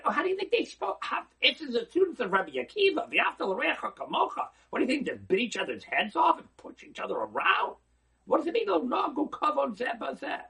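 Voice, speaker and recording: Animated rabbi a husky voice. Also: male voice, sits high. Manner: animated, acting out quoted voices, rhetorical questions. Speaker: rabbi giving a short Torah talk. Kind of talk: animated sermon-style lesson.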